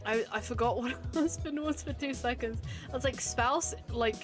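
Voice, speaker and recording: A woman's voice: on the high side, moderate pace, music in the background. A woman streaming a video game, chatting casually, giggling and swearing as she plays. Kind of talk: casual let's-play commentary.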